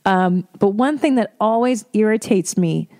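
A woman who is a mother hosting a solo podcast, chatting in a candid, profane and animated way. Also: mid-range voice, a little slow. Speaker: podcast host. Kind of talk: casual solo podcast chat.

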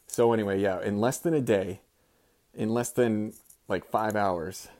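Brief: a man in his thirties, low voice, tells a story with lively acted-out quotes. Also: a little slow. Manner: animated, swears, acts out quotes. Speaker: former teacher sending in a story. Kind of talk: casual storytelling.

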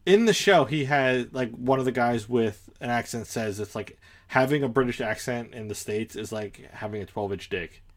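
A man's voice: medium pitch, moderate pace. A man co-hosting a podcast in casual chat, hesitant and circling back as he argues a point. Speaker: podcast co-host.

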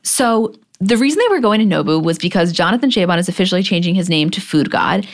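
A woman's voice: on the low side, animated, fast talker. A young woman co-hosting a podcast, chatting casually and gossiping about a TV show, swearing freely. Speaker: podcast co-host. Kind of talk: casual chat recapping a TV show.

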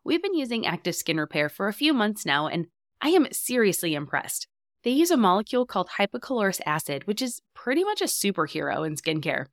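A woman's voice: medium pitch, big pitch swings, fairly quick, no echo, studio quality. A woman host reading a sponsor ad in an upbeat, chatty way. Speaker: podcast host. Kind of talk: read ad.

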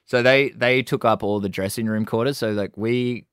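A man's voice: mid-range voice, steady tone, normal speed, a bit bright, smooth, dry recording. Casting: man, band guest, rambling storyteller, dry close-mic sound. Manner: rambling anecdotes, swears. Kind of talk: casual storytelling.

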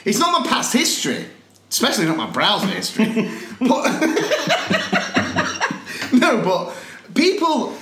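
A man's voice: very high voice, huge pitch swings, takes it slowly, bright, forceful tone. A young man co-hosting a podcast, chatting casually and laughing often as he tells a story. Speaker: podcast co-host. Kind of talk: casual banter. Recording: echoey room.

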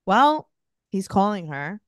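A woman's voice: mid-range voice, slow, no echo, clean studio sound. A woman co-hosting a podcast, recapping a reality show in casual, emotional chat. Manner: emotional, animated storytelling. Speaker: podcast co-host.

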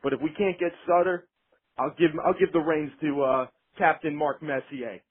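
A man's voice: a little high, moderate pace, slightly rough. A man calling in to a sports radio show, blunt, profane and fired up, heard over a phone line. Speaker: caller.

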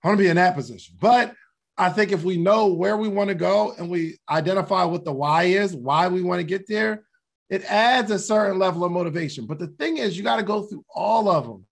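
Gravelly man in casual motivational talk. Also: high voice, a little fast. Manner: conversational, laughs at himself, repeats key questions. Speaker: podcast host.

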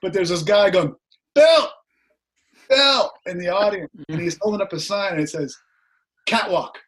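Middle-aged man, slightly hoarse, raised pitch, lively anecdote teller on a video call. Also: brisk. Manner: animated, laughs while telling anecdotes. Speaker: guest musician. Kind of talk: casual storytelling.

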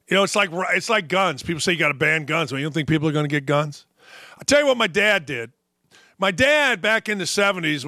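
High bright-voiced ranting sports host. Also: male voice, no echo, studio quality. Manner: animated, sarcastic, ranting. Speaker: sports talk show host. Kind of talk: opinionated sports talk.

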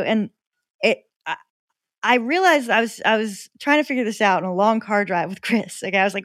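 A woman's voice: mid-range voice, a little fast, no echo, clean studio sound. A woman, a comedian guest on a podcast, talking animatedly with many "like"s and laughing asides. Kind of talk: casual chat about comedy.

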